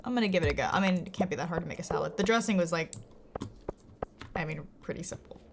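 A woman's voice: on the low side, fast, gravelly. A woman chatting casually and giggling as she talks to viewers while playing a game on a live stream. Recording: game music playing behind the voice.

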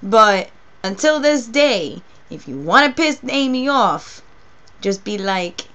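A woman's voice: on the high side, lively intonation, slow pace, pushed and bright. A young woman with a New York accent, telling a story in a casual vlog, rambling and cursing freely. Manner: rambling, profane, laid-back. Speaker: vlogger and cosplay performer.

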